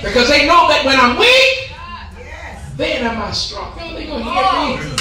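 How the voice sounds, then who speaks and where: High bright preacher guy hollering with "huh" gasps, echoey church mic from far off. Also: very animated, normal speed, noisy background. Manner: call-and-response preaching with rhythmic "huh" gasps; shouting and drawing out key words. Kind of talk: Pentecostal sermon. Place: church sanctuary.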